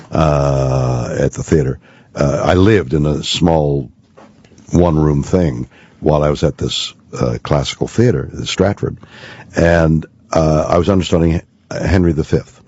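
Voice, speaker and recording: A man, an actor, telling a story as a guest on a radio talk show, deliberate and full of pauses and fillers. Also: rumbling low, warm tone, breathy edge, no room sound. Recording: dry, dull lo-fi studio audio.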